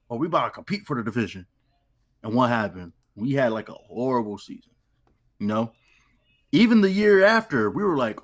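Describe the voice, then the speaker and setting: Lively young man in sports banter. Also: medium pitch. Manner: animated, joking banter. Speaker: co-host. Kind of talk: casual sports talk.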